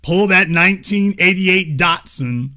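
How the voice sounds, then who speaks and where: A man's voice: high-pitched, a little slow, sharp tone. A man hosting a livestream political commentary show, talking in a mocking, sarcastic way. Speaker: show host.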